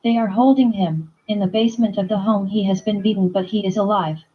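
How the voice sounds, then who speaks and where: A woman reading the lines of a secretive female caller with a Spanish accent, hurried and urgent. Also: medium pitch, fairly even intonation, narrow, tinny audio, natural voice.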